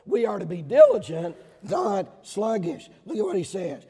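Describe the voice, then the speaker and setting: A middle-aged man with a Southern accent preaches a sermon in a high, mellow voice with a husky edge. He hammers key words loudly, then drops into quiet asides. The sound rings with the long reverb of a large hall. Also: wildly swooping pitch, normal speed. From Georgia, US. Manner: emphatic, swings between loud stresses and dropped asides.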